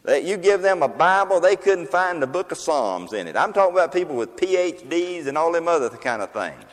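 A man's voice: fairly high pitch, very animated, fairly quick. Older guy preaching, folksy and jokey, big echoey church sound. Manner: folksy, joking, conversational preaching. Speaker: pastor. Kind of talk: sermon. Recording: long reverb of a large hall.

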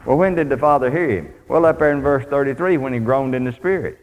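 Preacher in a reverberant hall. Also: male voice, mid-range voice, fast talker, darkish tone. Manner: folksy, plainspoken preaching, reads scripture aloud. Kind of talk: sermon.

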